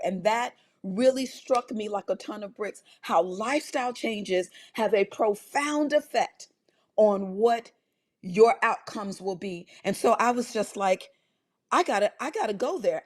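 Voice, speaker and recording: A middle-aged woman doctor telling a personal story in a health talk, animated, with many restarts and fillers. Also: medium pitch, a little slow.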